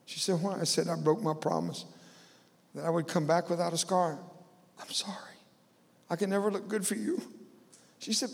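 This church guest speaker has a fairly high voice with vocal fry and talks a little quickly, his personal story ringing through a large hall over a faint hiss or hum. Dramatic and funny, he voices the characters himself and drops in humorous asides in a storytelling sermon.

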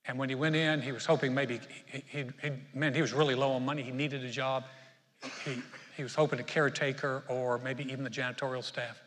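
A man's voice: medium pitch, flat delivery, fairly quick, fairly bright tone, big-room sound. A pastor preaching a sermon, telling a joke story and then urging his listeners with growing emphasis. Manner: storytelling with jokes, rising to emphatic exhortation. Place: church sanctuary.

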